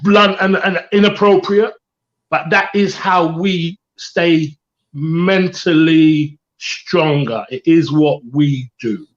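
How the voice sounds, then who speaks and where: A man's voice: a little high, slow, lo-fi sound. A middle-aged man co-hosting a candid panel chat, earnest and reflective, repeating his key phrases. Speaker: co-host.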